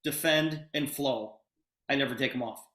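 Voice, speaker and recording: A man's voice: medium pitch, moderate pace, a bit bright, echoey room. A man hosting a sales video call, talking in an urgent, emphatic and enthusiastic way.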